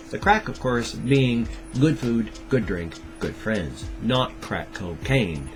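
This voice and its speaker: A man's voice: lowish voice, animated, slow, few pauses. A man in his fifties talking to camera in a rambling daily vlog, wry and darkly joking. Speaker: daily vlogger. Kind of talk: rambling monologue. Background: music.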